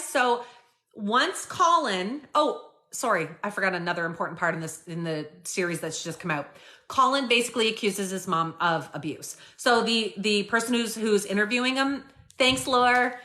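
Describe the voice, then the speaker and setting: A woman hosting a live stream, chatting casually and retelling a story with lots of fillers and animated asides. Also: a little high. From Canada.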